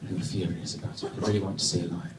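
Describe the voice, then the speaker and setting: A man from Britain doing a stand-up routine, telling a wry story with sudden excited bursts. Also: low-pitched, rapid-fire, far from the mic, heavy background noise. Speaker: stand-up comedian. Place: comedy venue with a live audience. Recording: echoey venue, mic from afar.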